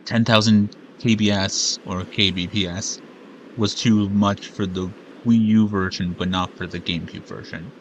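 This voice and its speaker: A man's voice: lowish voice, fairly even intonation, moderate pace, muffled recording, a little hiss or hum. Man grumbling through a game stream. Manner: mutters and grumbles at glitches, swears. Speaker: gaming streamer. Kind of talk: casual let's-play commentary.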